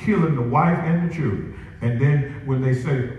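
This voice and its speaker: A man's voice: medium pitch, moderate pace, dull audio. Echoey distant preacher man. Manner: lively call-and-response preaching, laughing between lines. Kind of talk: sermon. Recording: echoey room picked up from a distance, faint ambience.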